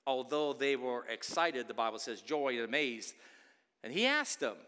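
A man preaching an Easter sermon as a pastor, swinging into loud pleading outbursts between quieter stretches. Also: medium pitch, lively intonation, normal speed, smooth. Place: church sanctuary. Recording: long church reverb.

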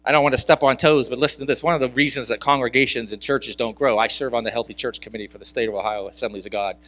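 A man's voice: medium pitch, steady tone, rapid-fire, a bit bright. A male pastor preaching a sermon in a conversational way, asking rhetorical questions and repeating key words for emphasis.

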